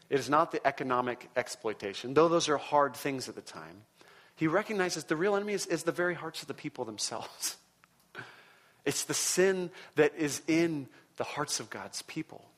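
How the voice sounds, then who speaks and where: Fairly high-voiced emphatic male preacher. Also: a bit bright. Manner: emphatic, conversational, often chuckling. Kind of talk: sermon teaching.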